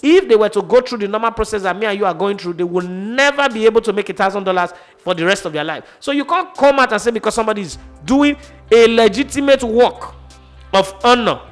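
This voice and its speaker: Nigerian male sports talk host, high, rapid, emphatic, opinionated. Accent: Nigerian English. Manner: forceful, emphatic, rhetorical questions.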